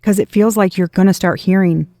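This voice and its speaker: A woman with a low, gravelly voice and a dark, mellow tone delivers a casual tarot reading straight to her viewers. She talks emphatically, keeps circling back to the same points and swears without a second thought. The sound is dry and close, with no room around it. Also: fairly even intonation, brisk, no echo. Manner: emphatic, repetitive, swears freely. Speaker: tarot reader.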